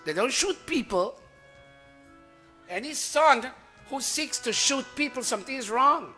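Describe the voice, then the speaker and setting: Older man, high bright voice, animated sermon, soft music behind. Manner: animated, coaxing, chants Sanskrit slowly. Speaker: teacher leading a satsang. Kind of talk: sermon with recitation.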